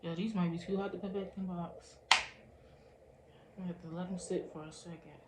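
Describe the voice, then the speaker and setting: A woman's voice: on the low side, fairly even intonation, brisk. A woman chatting casually through a product review, calling on her viewers with "y'all" again and again. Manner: chatty, says "y'all" constantly. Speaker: beauty vlogger. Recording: roomy echo, faint background hum.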